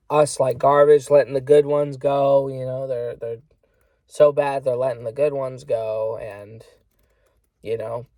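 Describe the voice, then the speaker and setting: A man in a casual vlog rant, talking at an ordinary middle pitch. He rambles and swears freely, filling every pause with "you know". The sound is dry and close, with no room echo. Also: vocal fry, dark tone. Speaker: vlogger.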